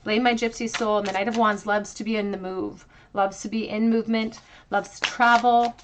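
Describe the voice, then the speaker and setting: A woman's voice: mid-range voice, little pitch movement, moderate pace, background noise. A woman giving a pick-a-card tarot reading to her viewers, earnest and reflective, drawing out key phrases for emphasis. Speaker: tarot reader.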